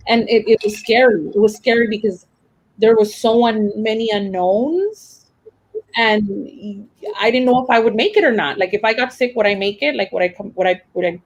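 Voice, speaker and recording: A woman's voice: medium pitch, rough recording. A young adult woman teacher, telling a personal story in a rambling, emotional way with many fillers and restarts. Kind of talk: casual personal account.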